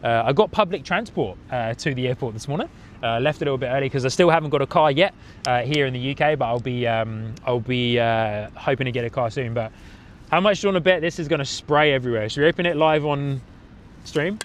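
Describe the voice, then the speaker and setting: An upbeat man with an English accent softened by a New Zealand tinge chats casually to his live-stream viewers. He talks from outdoors in an airport car park, so faint outdoor noise sits behind his mid-pitched voice. He fills his sentences with "uh"s and often starts over. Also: fast. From United Kingdom. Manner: upbeat and chatty, with frequent filler words and restarts. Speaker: plane-spotting livestream host.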